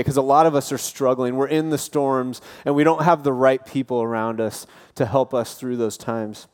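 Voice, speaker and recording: Speaking in a mid-range, slightly mellow voice, a campus pastor in his thirties gives an earnest, casual sermon in a church auditorium. He fills it with personal anecdotes and light self-deprecating jokes.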